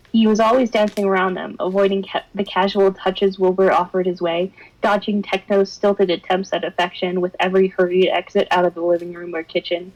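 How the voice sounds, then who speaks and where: A woman's voice: lowish voice, lo-fi sound. A young woman streamer reading fan fiction aloud with drama, breaking into laughs and wry side comments. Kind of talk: expressive narration with laughing asides.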